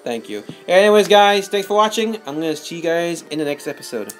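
A man's voice: fairly high pitch, big pitch swings, brisk, faint music behind. A young man hosting a casual gaming video with a friend, rambling and often repeating his filler words. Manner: rambling, repeats "though" and "anyways". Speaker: channel host and gamer.

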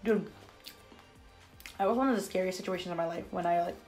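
A food vlogger in her twenties chats casually in a mukbang filmed in her bathroom at home, eating between sentences and saying "like" constantly. Her voice is low-ish, a little fast and darkish, with faint music behind and low-quality audio.

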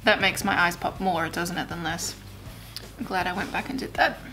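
A woman's voice: lowish voice, moderate pace, music in the background. A woman chatting casually and mocking herself as she does her makeup in a get-ready-with-me vlog. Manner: chatty, self-mocking, swears when frustrated. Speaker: beauty vlogger.

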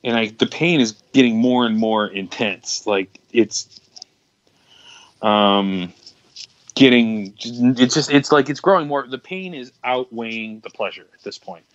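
A man's voice: medium pitch, measured pace, dry recording. A young man tells a crude, rambling story and keeps restarting. His voice sits mid-range, and the recording comes across dry and a little dull. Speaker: podcast co-host. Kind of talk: casual storytelling chat.

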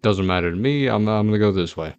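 A man's voice: lowish voice, animated, fast, darkish tone, clear, resonant tone, no room sound, muffled recording. A man giving rambling, jittery, self-mocking commentary as a gaming YouTuber playing a horror game.

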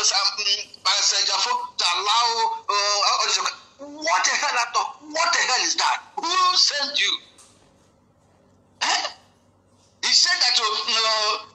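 A man's voice: very high voice, pushed and bright. A man, a guest giving heated political commentary, ranting with many repeats and restarts. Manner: ranting, repetitive, full of restarts. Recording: echoey room.

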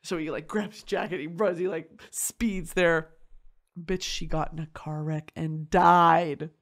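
A woman hosting a podcast, chatting casually in an animated way, swearing often and laughing through a story. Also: low voice, a little slow. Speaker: podcast host. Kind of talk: casual chat.

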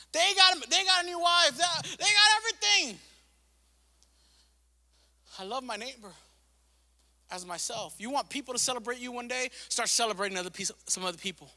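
A man's voice: very high voice, sharp tone, big-room sound. A male pastor preaching a sermon with impassioned repetition, mixing in casual slang and asides. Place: church sanctuary.

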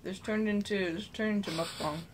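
A woman's voice: medium pitch, steady tone, fairly quick, noisy background. A young woman vlogger chatting casually with her friend, rambling with lots of fillers and frequent giggles.

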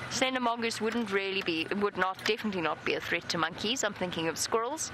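Woman, safari guide, live wildlife commentary, playful chatty manner, open vehicle outdoors, clear engine and wind noise. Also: mid-range voice, fast. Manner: chatty, playful, coos softly at animals.

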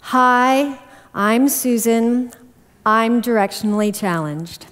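Woman preacher, high voice, animated and self-deprecating, reverberant church hall. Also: slow pace, clean tone. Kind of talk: sermon.

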